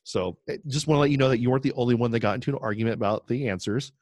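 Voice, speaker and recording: A man's voice: mid-range voice, racing, darkish tone, no echo, studio quality. A middle-aged man co-hosting a podcast, telling rambling stories and laughing often. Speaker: podcast co-host. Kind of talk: casual chat.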